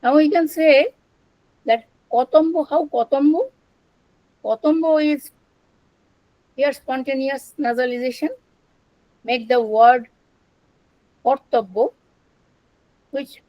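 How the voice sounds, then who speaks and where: An older woman giving an academic lecture on ancient language, slow and deliberate, repeating words as she explains. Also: sits high, no room sound, muffled recording. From India. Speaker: lecturer on Sanskrit and Prakrit.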